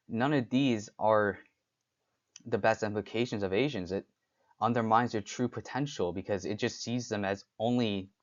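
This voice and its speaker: A young man hosting a solo talk, speaking haltingly with frequent restarts and fillers. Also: lowish voice, muffled recording. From United States. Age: young adult. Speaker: podcast host. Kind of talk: unscripted solo talk on stereotypes.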